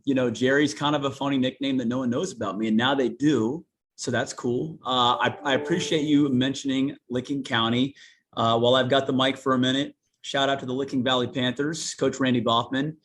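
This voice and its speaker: A man from Newark, Ohio, with a Central Ohio accent, a TV sportscaster talking as a guest in an animated, folksy way. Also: medium pitch. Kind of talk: casual sports interview.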